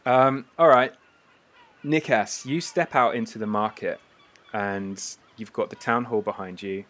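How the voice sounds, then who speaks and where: A man narrating a tabletop game as game master, casual and prone to quick restarts. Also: on the low side, a bit bright.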